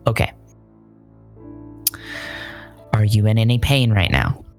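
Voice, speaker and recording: A firm, protective doctor with a very low voice that swings widely, as a woman puts her on. She talks calmly and plainly, with faint music behind. A tabletop game figure. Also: brisk, exaggerated voice. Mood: soothing. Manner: calm, soothing, then sharp and scolding.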